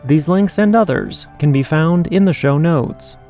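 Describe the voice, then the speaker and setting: A man hosting a podcast and reading listener stories aloud in a steady, measured way. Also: on the high side, faint music behind. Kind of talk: scripted podcast narration.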